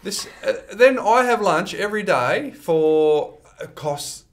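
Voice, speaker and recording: A man's voice: high-pitched, lively intonation, slow. An Australian man co-hosting a finance podcast, chatting casually with playful teasing and frequent laughter. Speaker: podcast co-host.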